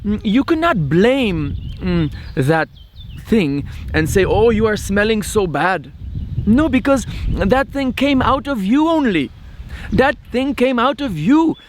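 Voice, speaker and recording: Brief: man doing a high, emphatic German spiritual teacher, put-on German accent, hums "mm" between slow phrases. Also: very animated, a little hiss or hum, heavily acted. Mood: amused, emphatic. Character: gentle German male spiritual teacher giving a seminar.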